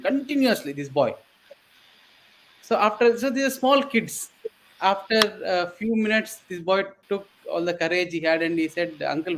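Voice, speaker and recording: A man's voice: high-pitched, rough recording. A man telling a story in casual conversation, rambling and hesitant, with many fillers.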